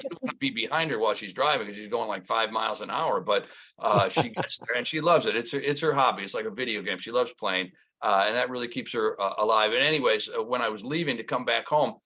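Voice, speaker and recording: Sixties male stand-up comic, Wisconsin native, bright tone, rambling halting delivery. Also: fairly low pitch. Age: 60s. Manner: rambling storyteller, lots of uh and restarts. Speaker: stand-up comedian. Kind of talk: stand-up comedy set.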